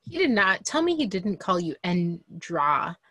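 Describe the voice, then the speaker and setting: A young adult woman co-hosting a casual podcast chat, animated and emphatic. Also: fairly low pitch, unhurried, husky. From Liberian family. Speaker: podcast co-host.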